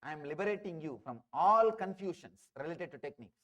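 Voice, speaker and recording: Emphatic Indian-accented spiritual teacher. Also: male voice, on the high side, animated, brisk, a bit bright, muffled recording. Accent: Indian English. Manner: emphatic, repeats phrases for effect. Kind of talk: spiritual discourse with storytelling.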